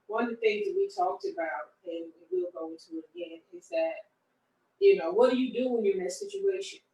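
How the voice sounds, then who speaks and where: A woman co-hosting a relationship discussion, talking in a reflective, halting way and often repeating words. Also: very high voice, sing-song, dark tone. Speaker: co-host. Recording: roomy echo from a distant mic.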